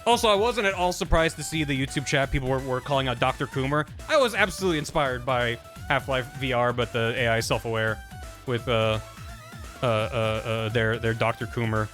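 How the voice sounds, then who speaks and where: A man's voice: medium pitch, brisk, fairly bright tone, faint music behind. A young man chatting casually on a live stream, rambling with frequent stammered restarts.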